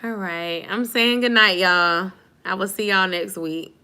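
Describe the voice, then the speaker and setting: A woman's voice: mid-range voice, steady tone, measured pace, pushed and bright, smooth. A young woman chatting casually with viewers on a late live stream, sleepy and informal, calling them y'all. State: sleepy, yawning. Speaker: YouTube vlogger on a live stream.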